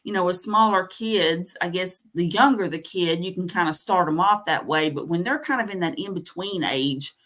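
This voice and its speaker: A woman's voice: lowish voice, normal speed, few pauses, fairly bright tone. A woman hosting a casual chat, listening supportively with many brief affirmations. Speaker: host.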